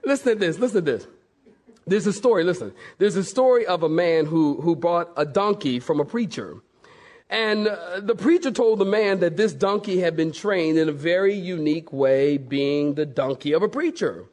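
A male preacher delivering a sermon, lively and jokey, spinning stories for his congregation. His voice sits high for a man. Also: normal speed. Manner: animated, jokey storytelling.

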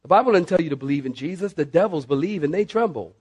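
A middle-aged man, a pastor, preaching a sermon with emphatic repeats of "listen" and sudden shifts between rushing and slowing down. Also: a little high, lively intonation, darkish tone, slightly rough. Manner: emphatic, repeats "listen" and "saints", varies pace sharply.

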